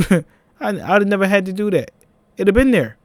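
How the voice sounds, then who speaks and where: A man's voice: high voice, brisk, no room sound. Fired-up young Philly guy telling a story. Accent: Philadelphia. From Philadelphia. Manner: animated, fired-up, laughing asides. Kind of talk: casual storytime vlog.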